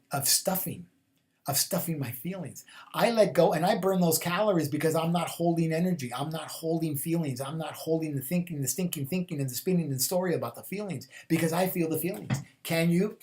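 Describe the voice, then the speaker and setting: Hosting a spiritual call-in show, this man talks in a slightly high, darkish voice at a somewhat quick pace. It's a loose, casual monologue, meandering with fillers and repetition and punctuated by incantatory, rhythmic questions.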